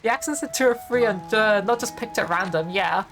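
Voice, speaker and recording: A woman's voice: mid-range voice, fairly quick. A young woman chatting casually while streaming a video game, rambling with lots of fillers. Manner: rambling, many fillers and laughs. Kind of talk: casual gaming stream chat. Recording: faint music behind voice.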